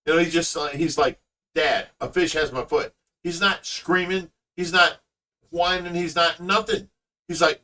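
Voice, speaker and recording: Middle-aged man, host, lively laughing storyteller, high bright voice, off-mic. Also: measured pace, far from the mic. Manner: animated storyteller, laughs often. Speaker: fish rescue owner and host. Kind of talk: casual livestream chat.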